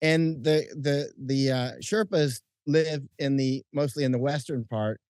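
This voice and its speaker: A middle-aged man chatting outdoors at night as an interview guest, telling animated stories with frequent restarts and chuckles. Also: medium pitch, measured pace, clean tone, no room sound, clean studio sound. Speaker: interview guest, combat correspondent. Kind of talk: casual interview chat. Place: outdoors at night under lights.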